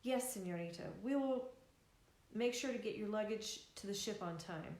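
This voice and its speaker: A polite, courteous hotel clerk, read by a woman makes gentle objections in a plain voice. The reading carries an echoey room sound. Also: mid-range voice, moderate pace, natural voice. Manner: courteous, with a laughing failed accent.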